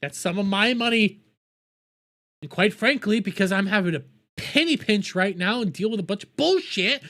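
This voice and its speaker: A man delivers combative reaction commentary, cursing freely as he argues with a clip. His voice sits high and bright, with pitch that leaps around wildly. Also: expressive, moderate pace. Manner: combative, ranting, heavy swearing. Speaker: streamer reacting to news clips.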